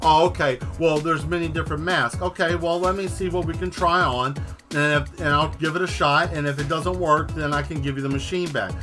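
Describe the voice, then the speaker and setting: A man hosting a casual stream, telling a long exasperated story with plenty of swearing and animated asides. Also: a little high, a little fast, faint music behind. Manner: exasperated, profane, animated retelling. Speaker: host.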